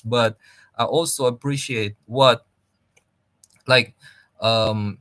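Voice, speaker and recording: A man's voice: medium pitch, a bit bright, no echo. A man giving casual reaction commentary over a video, rambling and restarting his sentences. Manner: rambling, halting, many restarts.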